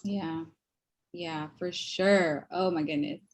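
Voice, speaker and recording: A woman's voice: low-pitched, steady tone, slow pace, a little hiss or hum. Affirming woman co-hosting a nurse forum. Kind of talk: casual panel chat.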